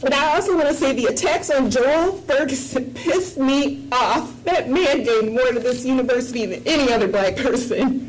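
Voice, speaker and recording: A woman with a high voice delivers an impassioned, emphatic statement as a board trustee, hammering her points through repetition. She speaks into a table microphone in a meeting room, with a faint hum of room noise behind her. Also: normal speed, low-quality recording. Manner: emphatic, forceful, repeating points for effect.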